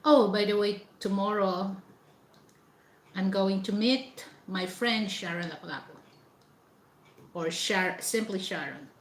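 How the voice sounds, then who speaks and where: Slow-talking woman, chatty vlogger. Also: mid-range voice, echoey room, a little hiss or hum. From Philippines. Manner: chatty, lots of fillers, laughs while eating. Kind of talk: casual chat while eating.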